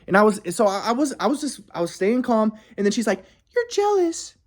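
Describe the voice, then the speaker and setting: A man's voice: sits high, quick pace. A man telling a personal story in a rambling, emphatic, profane way. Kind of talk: casual storytelling monologue.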